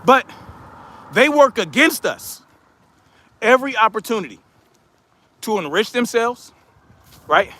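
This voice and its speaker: A man's voice: extremely high pitch, very animated, unhurried, pauses often, bright, forceful tone. A man hosting a livestream who rants in a heated, profane, mocking way. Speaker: livestream commentary host. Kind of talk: casual livestream rant.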